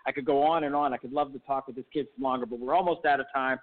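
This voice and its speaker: A man's voice: mid-range voice, fairly even intonation, quick pace, background noise. A man hosting a sports interview show, asking rambling, enthusiastic questions. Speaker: podcast host. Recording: tinny phone line.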